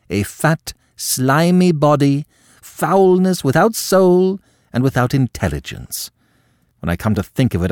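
A man's voice: on the low side, a little mellow, dry recording, clean studio sound. A man playing an icy, cynical avenger. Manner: cutting, contemptuous. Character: cold, cynical young man, icily menacing.

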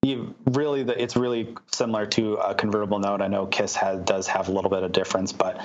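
A man's voice: fairly low pitch, little pitch movement, fast, highs cut off, noisy background. A man answering interview questions as a startup founder, talking with many fillers and restarts.

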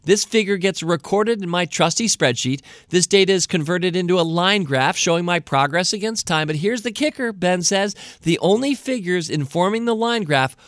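A man's voice: high voice, lively intonation, normal speed, few pauses, fairly bright tone, dry recording. Chatty middle-aged American man, dry sound. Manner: chatty, stops to comment on the letter he is reading. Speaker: podcast host. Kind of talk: reading listener mail on a podcast.

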